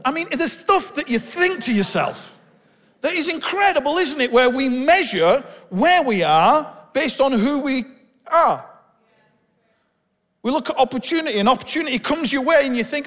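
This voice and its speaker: A Bolton-born pastor with a northern English accent and a fairly high, slightly bright voice preaches candidly and conversationally, weaving self-deprecating stories into his sermon. He speaks expressively at a moderate pace, and a long reverb follows his words as if in a church hall.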